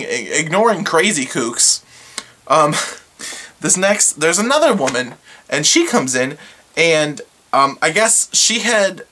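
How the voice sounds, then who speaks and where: A bright, clear voice that swings up and down a lot as this vlogger rambles through work stories. The delivery is sarcastic and exasperated. The vlogger keeps acting out what everyone said. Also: medium pitch. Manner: exasperated, sarcastic, acts out quotes; rambling with fillers. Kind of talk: casual storytelling to camera.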